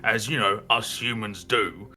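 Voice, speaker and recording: A man's voice: on the low side, a little slow, sharp tone, soft background music. A man playing a tabletop game, speaking in character in a playful, stammering way. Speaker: player. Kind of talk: in-character tabletop role-play.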